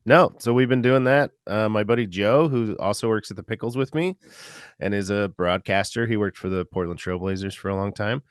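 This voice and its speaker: Deep-voiced comedian guy rambling on a podcast, dry close sound. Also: a little fast, smooth, no echo. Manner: rambling, lots of filler words. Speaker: comedian guest. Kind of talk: casual podcast chat.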